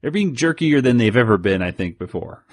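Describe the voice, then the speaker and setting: A man co-hosting a podcast in casual chat, rambling through a comic recap and jumping into higher voices for quoted lines. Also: animated, a little fast, dry recording. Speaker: podcast co-host.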